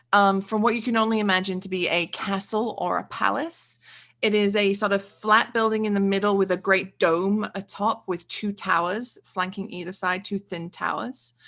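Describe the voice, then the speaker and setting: Woman game master, bright tone, describing with hesitant fillers. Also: mid-range voice, fairly even intonation, moderate pace. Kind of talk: narrating a tabletop game.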